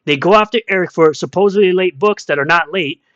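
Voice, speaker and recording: A man's voice: sits high, fairly quick, a bit bright, no room sound, muffled recording. A man giving ranting online commentary in a combative, mocking way, repeating insults as he reads out comments.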